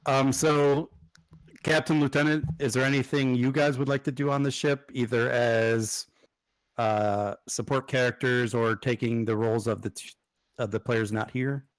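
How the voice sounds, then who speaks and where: A man acting as game master in an online tabletop game, hesitant and full of "like", making quick rule calls. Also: mid-range voice, fairly even intonation, no echo, low-quality recording.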